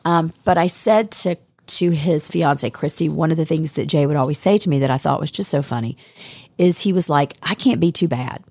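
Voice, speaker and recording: A woman's voice: sits low, normal speed, a little mellow, no echo, clean studio sound. A woman chatting casually on a podcast, reminiscing about a friend with many fillers and restarts.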